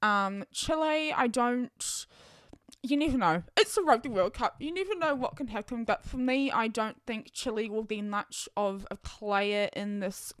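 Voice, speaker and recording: A young woman hosts her own podcast, chatting excitedly and thinking aloud with lots of ums. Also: on the high side, unhurried, smooth, no echo, clean studio sound. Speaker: podcast host. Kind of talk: casual solo podcast chat.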